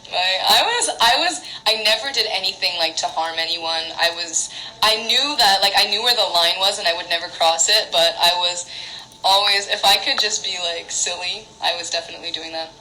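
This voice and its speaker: A young woman from Canada talks into her phone during a livestream at home, her lowish voice bright and forceful. She rambles through stories, filling them with "like" and bursts of giggles. A faint hiss sits under the recording. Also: moderate pace, rough recording. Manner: giggly, rambling storyteller, lots of "like". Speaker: singer on an Instagram live. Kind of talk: casual livestream chat.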